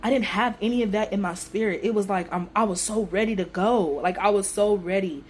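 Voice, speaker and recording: A young woman telling a personal story on her vlog in a casual, emotional, animated way with everyday slang. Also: medium pitch, brisk, slight background noise. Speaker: vlogger.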